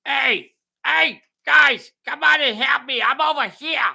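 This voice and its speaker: A man voicing a frightened young male photographer who cries out for help in a high, shouting voice. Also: unhurried, gravelly, heavily acted. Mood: desperate.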